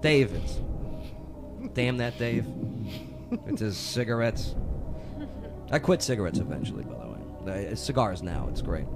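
A man hosting a talk show, running a trivia quiz with jokey, lively banter and frequent laughs. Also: lowish voice, unhurried, gravelly, long pauses, music in the background. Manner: jokey, animated, laughs often.

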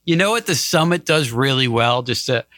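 A man's voice: mid-range voice, expressive, moderate pace, fairly bright tone. A man in a casual chat who sounds laid-back and agreeable, often chuckling along.

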